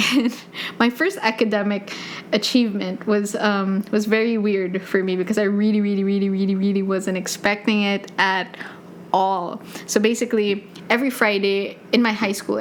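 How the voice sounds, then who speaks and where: A Filipino-accented woman in her twenties hosts a podcast, her medium-pitched voice picked up by a USB desk mic with a little hiss or hum. She tells personal stories in a chatty, self-deprecating way, laughing often.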